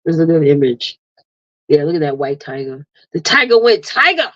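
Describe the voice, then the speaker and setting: A woman hosting a casual livestream, lively and chatty, laughing often and calling listeners honey and girl. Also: sits low, normal speed, no room sound. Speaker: livestream host and marketing coach. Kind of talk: casual live chat. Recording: dull lo-fi, dry sound.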